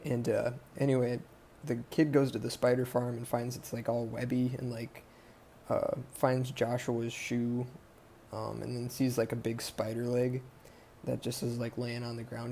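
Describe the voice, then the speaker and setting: A man's voice: medium pitch, little pitch movement, measured pace, vocal fry, dark tone, slight background noise. A man hosting a podcast, casually recapping a movie plot in a rambling, profane way full of fillers. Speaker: podcast host.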